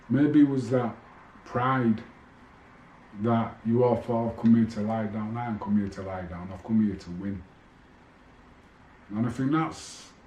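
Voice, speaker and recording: A former boxer talks casually to the camera, rambling and swearing as he bluntly recounts stories from his career. His voice is mellow and medium-pitched, and the room is echoey.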